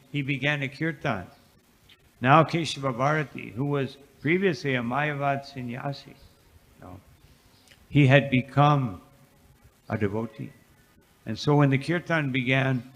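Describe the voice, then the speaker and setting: A man, a monk, giving a devotional scripture class as a lively storyteller with frequent asides. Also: medium pitch, moderate pace. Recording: reverberant hall.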